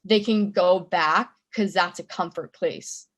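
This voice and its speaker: A woman's voice: on the low side, slow. A young adult woman being interviewed about her music, talking casually with lots of fillers and laughing through her stories. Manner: chatty, laughing storyteller with many fillers. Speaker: musician guest.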